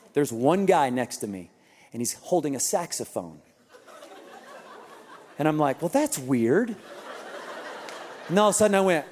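A man pastor tells an animated story from the stage, slipping into other people's voices and laughing with his listeners. His voice sits high for a man. A long reverb from the large auditorium trails after each line. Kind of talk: Easter sermon storytelling.

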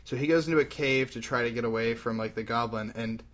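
Young guy recapping a comic, chatty and animated, mid-pitch voice. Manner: animated retelling, acts out characters in quick put-on voices. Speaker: podcast host recapping a comic. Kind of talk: casual chat.

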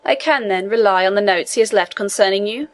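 A woman voicing a male government inspector who speaks in a measured, official manner in a storybook reading. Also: mid-range voice, close to an everyday voice. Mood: composed.

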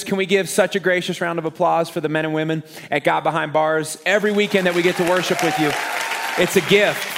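A man, a pastor preaching to a live church congregation, joking and lively with the crowd and turning quiet and earnest when he prays. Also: a little high. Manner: energetic, joking crowd warm-up, then quiet earnest prayer. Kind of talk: sermon.

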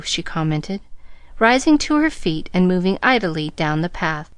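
A woman reading a classic novel aloud in a measured storytelling manner. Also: fairly low pitch, lively intonation, clear, resonant tone, no echo. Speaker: audiobook reader. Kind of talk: scripted narration.

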